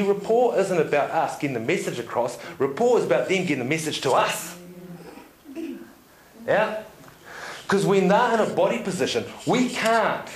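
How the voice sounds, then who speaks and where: A man giving a seminar talk to an audience, telling stories in an animated way, laughing often and checking in with "yeah?". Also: on the high side. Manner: animated storyteller, laughs often, tag questions. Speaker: seminar speaker. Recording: echoey room.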